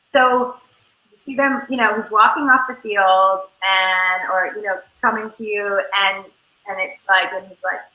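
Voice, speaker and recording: A woman family therapist giving advice in an interview, lively and demonstrative as she acts out what parents and children say. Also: medium pitch, reverberant, poor audio.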